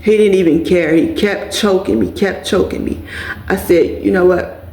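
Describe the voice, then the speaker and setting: A woman's voice: fairly low pitch, fairly even intonation, normal speed, vocal fry, a little mellow. A woman vlogger telling an emotional personal story in a casual way, speaking straight to her viewers as "y'all.". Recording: echoey room.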